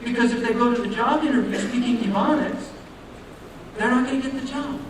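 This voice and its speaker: A man's voice: extremely high pitch, brisk. An American man from the New York area giving a humorous public lecture, talking conversationally with joking asides and rhetorical questions. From United States, New York area. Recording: very echoey hall, voice from far off, noisy.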